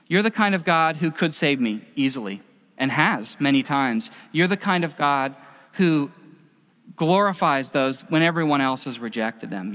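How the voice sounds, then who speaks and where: Slightly high and a bit bright, a middle-aged man's voice carries a conversational sermon full of stories and acted-out quotes. He's a pastor, recorded with the long reverb of a hall.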